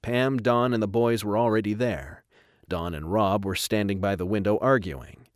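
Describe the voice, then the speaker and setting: A man narrating a first-person audiobook in an even, measured reading. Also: lowish voice, no room sound, studio quality.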